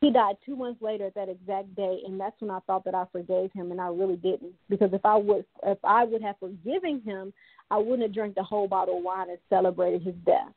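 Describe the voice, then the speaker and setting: A woman author, a guest on a radio interview, speaking haltingly with many fillers and restarts. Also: medium pitch, no echo. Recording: tinny phone line.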